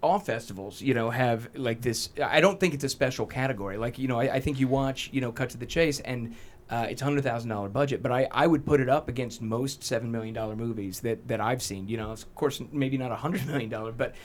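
A man's voice: mid-range voice, brisk. A man, a guest filmmaker, chatting casually and acting out quotes as he tells stories. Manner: animated storyteller, acts out quotes. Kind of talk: casual chat.

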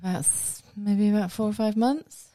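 A woman's voice: medium pitch, moderate pace, mellow, no echo. A woman from Oxford co-hosting a podcast, chatting casually with long, meandering explanations. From Oxford, England. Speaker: podcast co-host. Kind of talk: casual chat.

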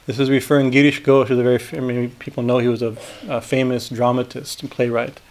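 A man, a swami, reading a spiritual text aloud and breaking off into halting commentary that often ends in a questioning "right?". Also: medium pitch, flat delivery, darkish tone, slight background noise. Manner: halting asides, frequent "right?" tags.

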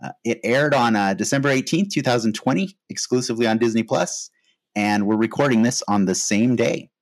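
A man hosting a podcast in casual chat, relaxed and hesitant, with frequent fillers. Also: medium pitch, brisk. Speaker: podcast host.

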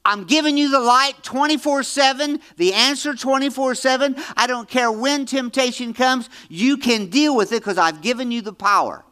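A man in his seventies preaching a Bible-teaching sermon, emphatic, repeating phrases and swinging between loud and hushed. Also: very high-pitched, moderate pace, hardly any pauses, clear, resonant tone. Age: 70s.

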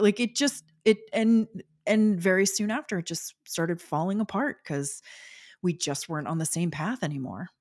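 A woman's voice: on the low side, animated, normal speed, a little mellow. A woman in her forties telling personal stories as an interview guest, chatty with many fillers and frequent laughter. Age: 40s. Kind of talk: casual storytelling interview.

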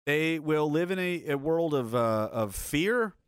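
Male stream host, fiery profane ranter, slightly high voice, dry close sound. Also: expressive, measured pace, clear, resonant tone, no room sound. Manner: heated, profane, sarcastic ranting. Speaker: livestream host reading chat. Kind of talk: angry political rant on a livestream.

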